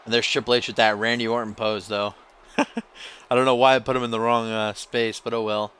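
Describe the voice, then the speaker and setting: A man's voice: mid-range voice, little pitch movement, normal speed, fairly bright tone, clean tone. A man doing casual play-by-play commentary over a wrestling video game, rambling and joking as he goes. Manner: joking, rambling, playful asides.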